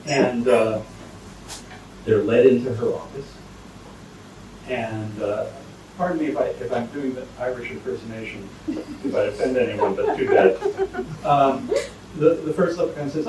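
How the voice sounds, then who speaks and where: A man's voice: medium pitch, expressive, a little slow, pauses often, noisy background. A man doing a stand-up comedy set, rambling and interrupting himself as he tells jokes. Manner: rambling, self-interrupting storyteller. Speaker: stand-up comic. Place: comedy night venue, indoors. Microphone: iPhone recording from too far away. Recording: distant, echoey phone recording.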